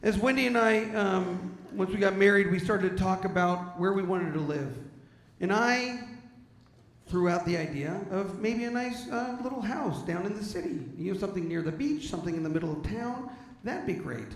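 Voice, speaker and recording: Animated man doing stand-up comedy. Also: high-pitched, normal speed, reverberant. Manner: animated storytelling, bursts into shouting. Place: stage before an audience.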